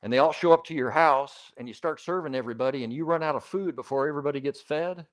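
A man's voice: on the high side, quick pace. A man preaching a sermon as pastor, in a conversational, emphatic way, putting questions to the congregation and repeating key phrases.

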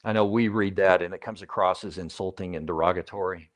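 A man's voice: low-pitched, fairly even intonation, fairly quick. A man preaching a sermon as pastor, in a conversational, emphatic way, putting questions to the congregation and repeating key phrases.

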